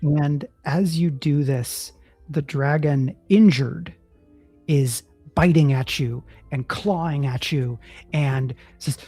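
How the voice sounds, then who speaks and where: Slow gravelly game master. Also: mid-range voice, warm tone, dry recording, faint music behind. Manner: measured, descriptive, hesitant restarts. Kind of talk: narrating a tabletop game.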